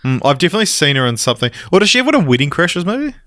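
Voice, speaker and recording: A man co-hosting a podcast in casual chat, chiming in with quick jokes and asides. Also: fairly high pitch, very animated, fairly bright tone, no echo, clean studio sound. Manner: joking, quick quips. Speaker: podcast co-host.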